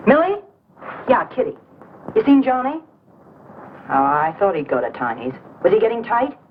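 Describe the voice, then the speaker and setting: A brassy young woman in a 1940s film, talking in slangy, lively swoops about the man she can't leave, played by an actress. The sound is muffled and carries a steady hiss. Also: mid-range voice, moderate pace, lightly acted. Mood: chatty. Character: brassy young woman besotted with a bullying lover.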